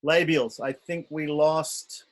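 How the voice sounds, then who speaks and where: A man leads an online pronunciation class, speaking very slowly and stretching out each syllable so students can copy it. His voice sits a little high for a man. The sound comes through a video call. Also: fairly even intonation. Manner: slow, patient, overemphasized syllable drills. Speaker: Sanskrit pronunciation teacher.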